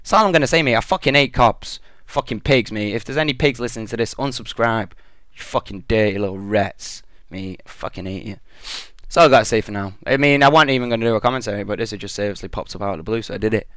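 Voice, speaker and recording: A man's voice: fairly low pitch, quick pace, a bit bright, dry recording. Angry, profane young British man. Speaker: gaming commentator. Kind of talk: game commentary rant.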